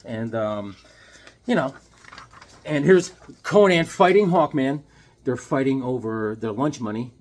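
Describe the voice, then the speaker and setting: A man casually showing off his sketches and comics in an excitable, rambling, jokey way. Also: mid-range voice, normal speed. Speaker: comic book vlogger. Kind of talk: casual show-and-tell vlog.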